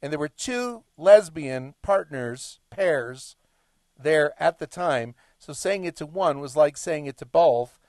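Slow, deliberate male talk show host. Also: a little high, expressive, darkish tone, no room sound, studio quality. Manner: deliberate, emphatic, lecturing delivery. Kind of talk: monologue commentary.

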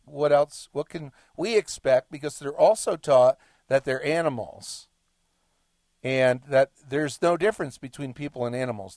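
A man's voice: medium pitch, darkish tone, dry recording, studio quality. A middle-aged man hosting a talk show, delivering an emphatic, lecturing monologue. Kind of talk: monologue commentary.

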